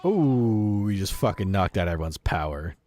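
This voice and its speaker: A man's voice: low-pitched, expressive, normal speed, darkish tone, a little hiss or hum. A man streaming live, reacting to videos with profane, incredulous commentary.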